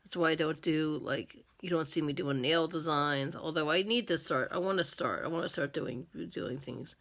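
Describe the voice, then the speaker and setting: A woman's voice: low-pitched, moderate pace, fairly bright tone. A woman hosting a live makeup tutorial, chatty and self-deprecating as she explains each step.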